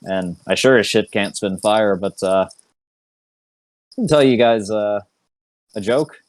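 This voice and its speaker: A man's voice: on the low side, unhurried, no room sound, close to an everyday voice. A man voicing a folksy, big-bellied male half-orc emcee in a tabletop game, speaking with a drawl.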